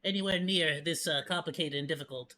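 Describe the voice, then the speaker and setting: A VTuber streamer giving casual, rambling reaction commentary, excitable and sarcastic. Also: medium pitch, brisk, slight background noise.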